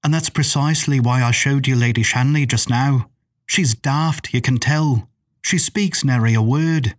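A man voicing a young maid who talks in a soft, hushed way, in a storybook reading. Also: mid-range voice, measured pace, distant mic, close to an everyday voice. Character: young woman, a guarded, weary maid.

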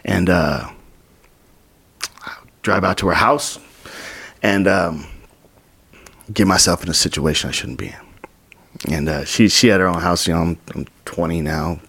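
A young man in his twenties from Utah, telling his story as a podcast guest, acting out quotes with whispers and sudden high bursts. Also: unhurried, creaky, pauses often, a bit bright, husky. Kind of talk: storytelling in casual interview.

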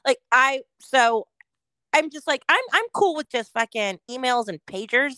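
A woman's voice: sits high, animated, normal speed, sharp tone, smooth, dry recording. A woman co-hosting a casual podcast, ranting with heavy swearing and acting out her own reactions in quotes. She is from California. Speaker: podcast co-host. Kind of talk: casual profane chat.

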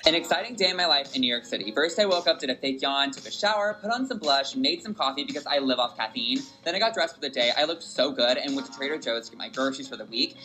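A man reading a scripted, upbeat social media video voice-over in a brisk, list-like way. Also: medium pitch, expressive, music in the background, rough recording.

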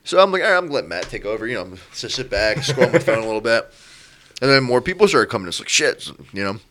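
A young man telling a work story in casual chat, animated, laughing often and acting out his coworkers. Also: mid-range voice, fast talker, slight background noise.

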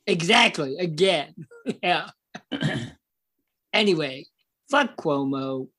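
A man's voice: a little high, lively intonation, takes it slowly, sharp tone, breathy edge. A man co-hosting a political podcast, talking casually and bluntly with plenty of swearing. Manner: blunt, profane. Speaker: podcast co-host.

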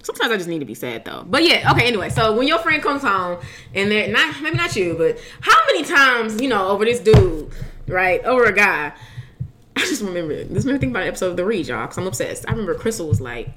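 A woman's voice: medium pitch, fast talker, slight background noise. A young woman co-hosting a casual chat with her roommate, telling stories and acting out her friends' lines. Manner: animated storytelling, acts out quoted friends. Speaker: podcast co-host.

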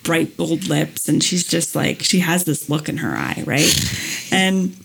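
Gravelly-voiced woman telling a story. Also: low-pitched, takes it slowly. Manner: animated storytelling with many fillers. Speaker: podcast guest. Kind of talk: casual chat.

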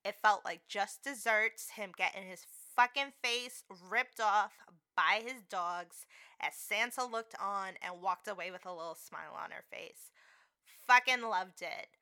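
A woman's voice: medium pitch, a little slow, sharp tone. A woman co-hosting a podcast, chatting in a casual, profane and emphatic way. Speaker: podcast co-host. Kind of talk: casual chat.

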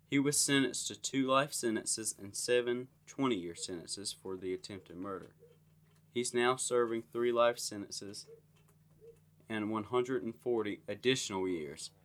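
Man reading a crime case, low voice. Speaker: podcast co-host. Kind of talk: reading a true-crime story.

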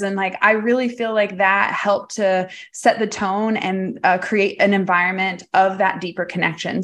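A woman's voice: medium pitch, fairly bright tone. Chatty woman from Texas, filler-heavy. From Texas, USA. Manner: candid, uses swear words freely. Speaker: guest, psychic medium. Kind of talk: casual interview storytelling.

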